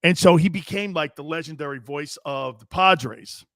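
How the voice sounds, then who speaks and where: A brash middle-aged man hosting a casual sports talk show, ranting loudly and talking straight to his viewers. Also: fairly high pitch, moderate pace, dry recording, studio quality. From US Northeast. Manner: brash, loud, talks straight to chat viewers. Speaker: sports radio host.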